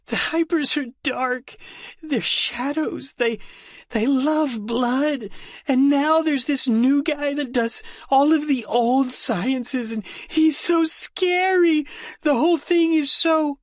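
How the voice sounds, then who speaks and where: A man voicing a frightened, tearful young woman in an audiobook, talking in breathless, rushed pleas. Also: high-pitched, dry recording, clean studio sound, voice pushed up. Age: young adult. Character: young woman, frightened alien-liaison girl. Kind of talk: audiobook character voice.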